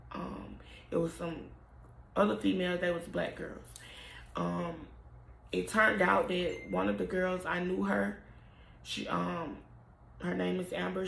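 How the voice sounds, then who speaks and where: Young woman, very gravelly voice, halting emotional storytelling, roomy echo. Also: mid-range voice. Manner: halting, emotional, often trailing off. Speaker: mother telling her story. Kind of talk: personal storytelling to camera.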